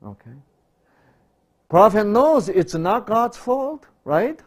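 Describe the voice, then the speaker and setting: A middle-aged male pastor preaching a sermon, asking rhetorical questions and swinging from loud to hushed. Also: high voice, sing-song, slow pace, pauses often.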